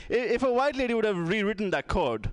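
A man's voice: high-pitched, dry recording. A man from India doing a rambling, self-mocking stand-up set, full of "like". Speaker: stand-up comedian.

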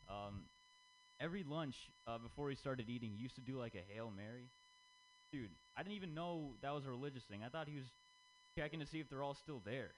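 A man's voice: medium pitch, lively intonation, fast, a little hiss or hum, rough recording. A young man doing a rambling, self-deprecating open-mic stand-up set, full of fillers and nervous laughs. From Indian family. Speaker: stand-up comedian.

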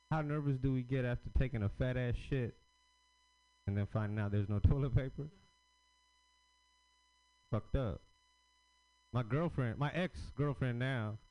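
A man doing a loose, rambling, self-deprecating stand-up set at an open mic. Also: medium pitch. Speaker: stand-up comedian. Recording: lo-fi live club recording.

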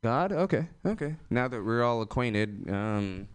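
Young guy doing open mic standup, rambly, lots of ums, smooth clear voice, dry close sound. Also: medium pitch, lively intonation, measured pace, dry recording. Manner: loose, rambling delivery with many fillers and self-laughs. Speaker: stand-up comedian.

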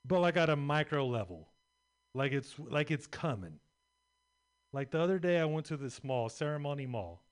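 A man's voice: mid-range voice, a little mellow. A young man performing a rambling, profane, self-deprecating stand-up comedy set on a club stage.

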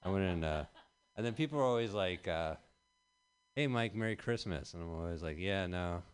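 A man in his thirties performing a rambling stand-up set with deadpan delivery in a small venue. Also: sits low, brisk, clean tone. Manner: rambling deadpan delivery with bursts of loud emphasis. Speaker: stand-up comedian. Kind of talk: stand-up set at an open mic.

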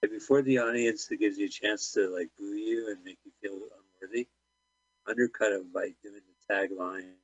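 A man's voice: on the low side, fairly even intonation, breathy edge, no echo. A man co-hosting an internet radio show, cracking jokes about a movie. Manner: wisecracking, quick puns. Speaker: podcast co-host. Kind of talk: casual movie riffing. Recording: dry dull lo-fi sound.

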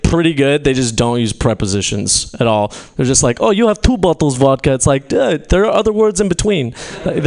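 Young man, stand-up comedy, rambling and self-deprecating, laughs at his own jokes, small live room. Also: medium pitch.

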